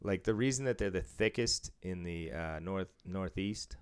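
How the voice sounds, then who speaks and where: A man's voice: deep voice, normal speed, clear, resonant tone. A man from Massachusetts with a Boston accent, chatting casually, swearing freely and laughing often. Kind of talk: casual chat.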